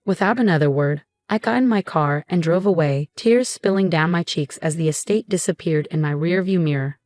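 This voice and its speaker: A woman narrating a first-person story in an even, measured reading voice. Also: sits low, no room sound, soft background music.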